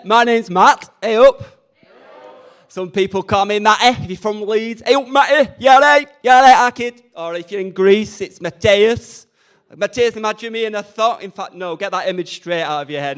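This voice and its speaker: High smooth-voiced young guy from up north doing camp stand-up at an open mic, cheeky. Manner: cheeky, self-deprecating, camp. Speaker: stand-up comedian. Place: community radio open mic event.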